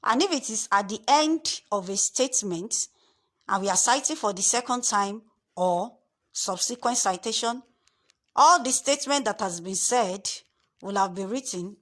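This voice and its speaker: A woman's voice: mid-range voice, fairly bright tone. Woman tutor explaining step by step. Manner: repetitive, stresses key words slowly. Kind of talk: screen-share lesson.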